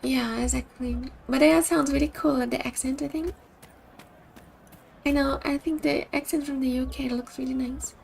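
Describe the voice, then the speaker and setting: High-voiced chatty woman streamer. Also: fairly even intonation, moderate pace, creaky, darkish tone. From Brazil. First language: Portuguese. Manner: chatty, upbeat, giggly. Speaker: game streamer. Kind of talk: casual stream chat with game commentary.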